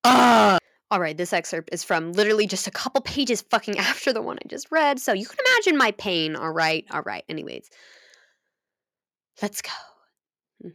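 A young woman chatting casually and reading fan fiction aloud, excitable and swearing, with dramatic outbursts. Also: medium pitch, normal speed, vocal fry, no echo, clean studio sound.

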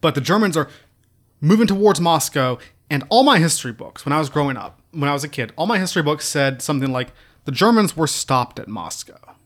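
A man's voice: a little high, animated, fairly quick, a bit bright. A man hosting a casual history talk, emphatic, repeating key words for stress and slipping in mocking asides. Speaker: history video host.

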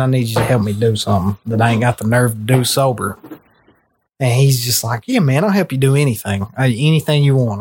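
Profane, animated young man telling stories. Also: mid-range voice. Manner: profane, animated storyteller, drawling slang. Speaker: podcast co-host. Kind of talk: casual storytelling chat.

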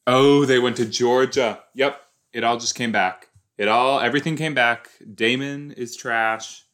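A man's voice: mid-range voice, steady tone, a little slow, fairly bright tone. Rambling male podcast host. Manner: rambling, self-deprecating, chatty asides. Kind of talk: casual watch-along commentary.

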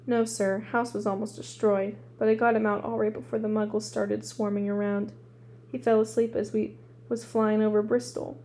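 A woman reading the part of a huge, gruff but gentle male giant who speaks in earnest, simple sentences. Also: mid-range voice, flat delivery, normal speed, slight background noise, close to an everyday voice. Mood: plain. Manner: earnest, tearful plain speech.

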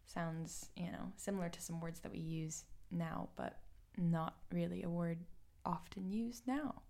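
A woman's voice: fairly low pitch, steady tone, measured pace, gravelly, mellow. A woman co-hosting a casual podcast chat, playful and chatty, often laughing. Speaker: podcast co-host.

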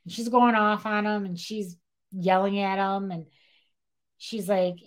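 A woman's voice: medium pitch, slow, pauses often. A young woman co-hosting a podcast, casually retelling a true-crime story and acting out what people said, with a lot of "like". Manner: animated retelling, acts out quotes, frequent "like". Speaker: podcast co-host.

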